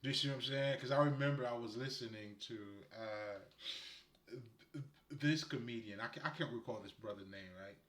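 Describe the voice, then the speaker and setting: Casual spiritual guidance comes from a Haitian man who rambles easily and laughs often. He speaks at a moderate pace in a medium-pitched, slightly bright voice, recorded in a roomy, echoing space.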